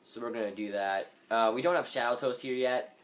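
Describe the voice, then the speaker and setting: A man's voice: medium pitch, a little fast, a bit bright. A man giving rambling, jokey commentary over a video game, sometimes in a mock-businesslike tone, recorded on a phone microphone. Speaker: let's play gamer. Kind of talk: casual gameplay commentary.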